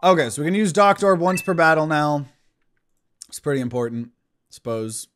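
A man's voice: a little high, expressive, a little fast, fairly bright tone, slight background noise. A man giving casual let's-play commentary, thinking aloud as he plays. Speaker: gaming channel host.

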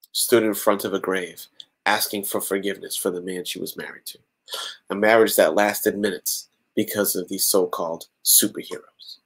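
A man's voice: fairly low pitch, breathy edge. Man reading a story with joking asides. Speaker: podcast host. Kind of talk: reading a fan-written story aloud.

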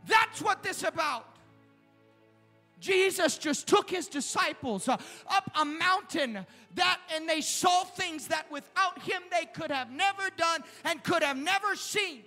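A man preaching a live sermon in a church, impassioned and often shouting, at times dropping to a hush. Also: very high voice, a little slow. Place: church sanctuary during a live service. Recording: long hall reverb with faint music.

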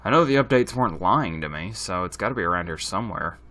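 Chatty man with a lively voice. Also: deep voice, fast talker. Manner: chatty, thinking aloud to viewers. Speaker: gaming channel host. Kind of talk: let's play commentary.

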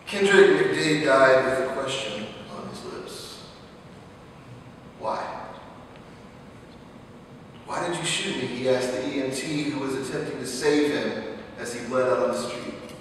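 A young man, a seminary student, preaching a dramatic sermon in a chapel, slow and impassioned, repeating his questions, swelling loud and then dropping to a hush. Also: medium pitch, slight background noise. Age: young adult. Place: large chapel. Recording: echoey chapel, mic far off.

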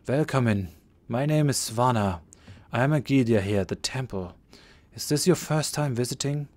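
A man's voice: mid-range voice, moderate pace, darkish tone, lightly acted. A man reading as a distant young priestess. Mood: polite, distant. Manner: polite and distant. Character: young aloof female temple priestess.

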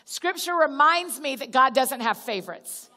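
A woman with a somewhat high voice gives a chatty sermon to a church crowd, calling them y'all and acting out small prayers in a natural way. Her voice carries a long reverb from a large church auditorium. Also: animated, moderate pace, sharp tone. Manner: chatty, direct, addresses listeners as y'all; restarts sentences and acts out little prayers. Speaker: guest speaker at a church gathering. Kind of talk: conversational sermon.

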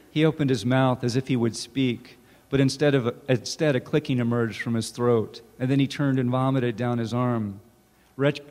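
A man, an author, reading his own fiction aloud in a measured, deliberate way at a campus event. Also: mid-range voice, darkish tone. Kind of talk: literary reading. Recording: reverberant hall.

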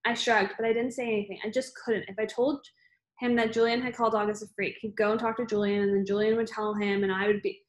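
A woman's voice: medium pitch, little pitch movement, quick pace, reverberant. A woman reading a novel aloud as an amateur audiobook, in a plain, unpolished way. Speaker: reader.

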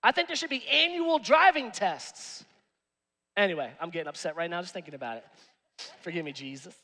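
Animated, high-voiced preacher in a reverberant church. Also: male voice, a little fast. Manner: animated, joking, streetwise slang. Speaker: pastor. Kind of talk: sermon. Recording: long reverb in a church hall.

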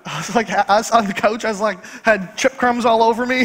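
A male pastor preaching a sermon in a church, driving points home by repeating key phrases slowly. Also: sits high, fairly bright tone, slight background noise. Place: church sanctuary. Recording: long church hall reverb.

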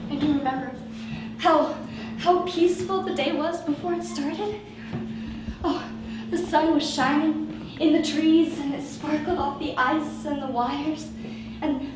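Actress as a panicked hysterical woman, high voice, slow gasping delivery, echoey theatre from far off. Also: noisy background. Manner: breathless, gasping and repeating herself in panic. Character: hysterical terrified woman witness, frantic and melodramatic. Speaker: stage actor in a comic monologue. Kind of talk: live stage monologue. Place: small theatre stage.

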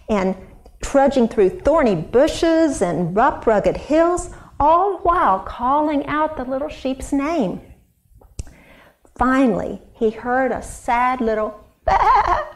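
A woman Sunday school teacher, expressively telling a Bible story to children and asking them questions. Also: on the high side. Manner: animated, expressive, asks the kids questions.

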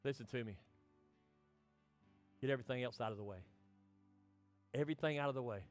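A middle-aged man preaching a sermon as pastor, swinging between impassioned lines and soft, hushed ones. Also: mid-range voice, fairly quick, faint music behind.

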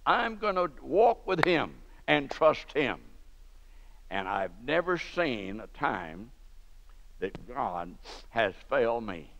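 An older man preaching a sermon in a church, telling stories with fervent emphasis. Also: mid-range voice. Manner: fervent storytelling preacher, rising to emphatic peaks. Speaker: pastor. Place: church sanctuary. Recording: dull lo-fi church recording with long reverb.

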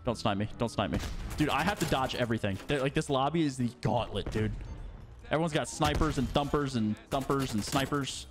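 A young man commenting on his own first-person shooter game play, excitable, mumbling when tense and yelling when things go wrong. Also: medium pitch, fairly quick. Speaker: gaming YouTuber. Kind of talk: live gameplay commentary. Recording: game gunfire and music underneath. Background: game gunfire and music.

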